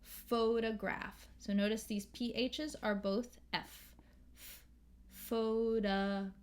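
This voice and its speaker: Slow, careful American woman teacher. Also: fairly high pitch, level tone. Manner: slow, careful, models sounds and sings lines. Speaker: English pronunciation teacher. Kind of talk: pronunciation lesson with sung examples.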